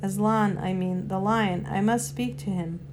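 A woman's voice: medium pitch, steady tone, unhurried, background noise, lightly acted. A woman reading a storybook aloud and voicing an earnest young boy who speaks eagerly and urgently.

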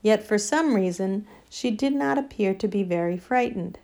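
A woman narrating a children's novel in a measured, gentle storytelling manner. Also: medium pitch. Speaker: audiobook narrator. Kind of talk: scripted narration.

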